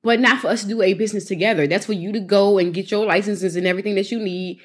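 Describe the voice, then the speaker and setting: A young woman hosting a podcast in casual chat, laid-back and quick to laugh. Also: medium pitch, steady tone, husky. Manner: laid-back, laughs often, short backchannel replies. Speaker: podcast co-host.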